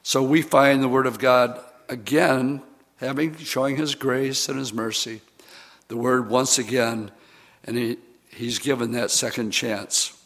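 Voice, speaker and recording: A man's voice: mid-range voice, steady tone, measured pace, fairly bright tone. A man preaching a sermon, retelling scripture in a conversational, storytelling way with casual fillers.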